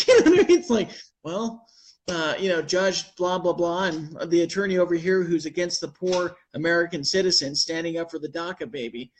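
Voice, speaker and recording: A man's voice: fairly high pitch, a little fast, slight background noise. A man hosting a casual talk show, rambling through heated opinions with laughs between phrases. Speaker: host.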